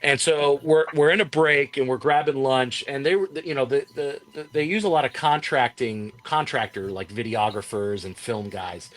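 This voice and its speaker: Animated male wrestling commentator telling stories. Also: normal speed, few pauses. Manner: animated storyteller, acts out quotes with raised pitch. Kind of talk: casual storytelling interview.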